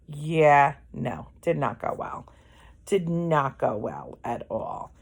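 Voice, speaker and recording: A middle-aged woman speaking slowly in a low voice with plenty of gravelly fry at the ends of her phrases. She talks candidly and conversationally, straight to her viewers, and slips into other people's voices when she quotes them. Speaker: host. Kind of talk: casual personal monologue.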